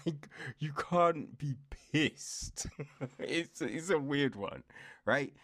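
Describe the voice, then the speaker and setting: Man, young adult, casual book review, slow, rambling, laughs often, dry close sound. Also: on the high side, very animated, no echo. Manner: rambling, chatty, with frequent laughs and quoted asides. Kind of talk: casual chat.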